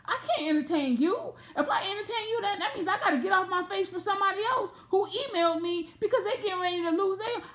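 Lively Atlanta woman preaching to camera. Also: very high voice, quick pace, hardly any pauses. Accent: Southern US, Atlanta. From Atlanta, USA. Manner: animated, repeats phrases, acts out voices of people in the story. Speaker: preacher giving a prophetic word.

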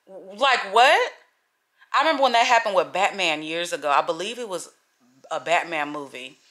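A chatty woman in her thirties talks to her camera at home, her voice bright and forward. She rambles from thought to thought, swears without a second thought and keeps calling her viewers "y'all". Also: mid-range voice. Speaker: vlogger. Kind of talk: casual chat to camera.

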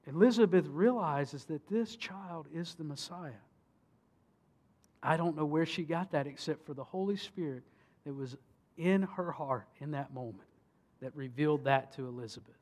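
Pastor guy preaching, kinda high voice, gets loud then goes real quiet, asks the church questions. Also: moderate pace. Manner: preaching with rising emphasis and hushed solemn stretches; rhetorical questions to the congregation. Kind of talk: sermon.

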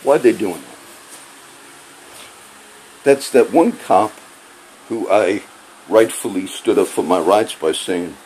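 A man with a very low voice rants in a heated, profane tirade, hammering the same points again and again. A faint air-conditioning hum sits behind him. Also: a little mellow, rough recording. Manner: heated, profane, repeating himself. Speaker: vlogger. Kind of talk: angry personal rant to camera.

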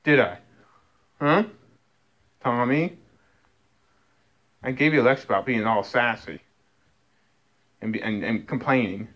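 A man's voice: medium pitch, a little slow, long pauses, highs cut off. A man chats to his pets at home in a loose, unscripted way. He scolds and teases them, stammering and repeating words as he restarts his sentences. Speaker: cat owner talking to his cats. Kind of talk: casual talk to pets.

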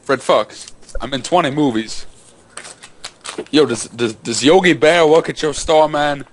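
A man making a prank phone call, bragging absurdly and mock-threatening in a deliberately ridiculous way. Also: on the high side, slight background noise. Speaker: prank caller.

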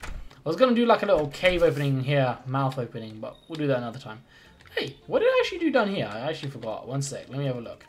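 A man's voice: mid-range voice, huge pitch swings, quick pace. A man live-streaming a game in casual chat, thinking aloud and greeting and thanking viewers as he plays.

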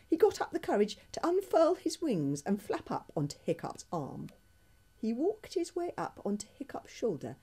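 Expressive woman reading a children's storybook. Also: medium pitch, breathy edge. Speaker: children's author.

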